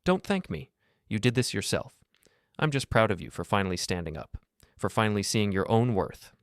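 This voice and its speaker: A man's voice: lowish voice, very animated, normal speed, no echo, studio quality. Man doing a firm, proud sister.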